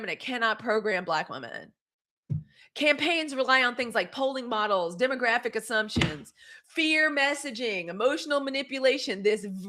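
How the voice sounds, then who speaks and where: A woman hosting a casual livestream, talking commentary and reading out live comments. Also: fairly high pitch. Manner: animated, reads live comments aloud. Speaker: host.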